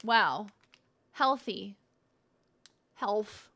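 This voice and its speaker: A woman's voice: medium pitch, expressive, very slow, bright, forceful tone. Playful swearing woman streamer. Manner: playful, swears freely, sounds out words on packaging. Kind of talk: casual live-stream chat.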